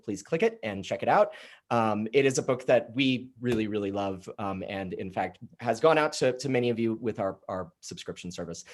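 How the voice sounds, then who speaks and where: Man reading event announcements. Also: mid-range voice. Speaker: bookstore event host. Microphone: video call.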